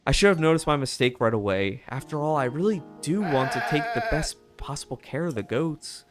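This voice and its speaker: A man's voice: on the high side, animated, fairly quick, over music, close to an everyday voice. A man voicing a sincere goat herder who blames himself, reading game dialogue aloud. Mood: earnest. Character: earnest, self-blaming goat herder. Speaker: video game streamer.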